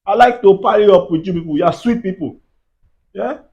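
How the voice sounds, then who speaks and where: A man's voice: sits high, a little fast, a little mellow, muffled recording. A Nigerian man with a Nigerian accent, delivering a heated, preachy comedic rant and laughing at his own jabs.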